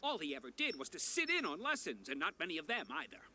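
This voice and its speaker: A man's voice: sits high, wildly swooping pitch, fast, sharp tone, a little hiss or hum, full character voice. A man voicing a haughty, sardonic old university rector in a video game.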